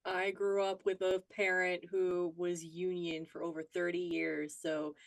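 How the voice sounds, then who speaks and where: A woman's voice: on the low side, level tone, creaky, no echo. Casual woman player at a tabletop game. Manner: playful, quick to laugh. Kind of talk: casual chat.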